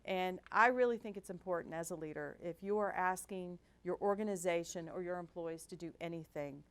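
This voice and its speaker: Smooth-voiced woman telling workplace stories. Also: on the low side. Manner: animated, acts out quoted voices, self-deprecating humor. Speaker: hospital executive giving a talk. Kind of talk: storytelling business talk. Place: lecture event.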